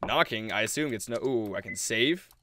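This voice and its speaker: A man's voice: lowish voice, expressive, normal speed, background noise. A young man giving jokey, casual commentary while playing a horror game and reading its text aloud. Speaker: let's play host.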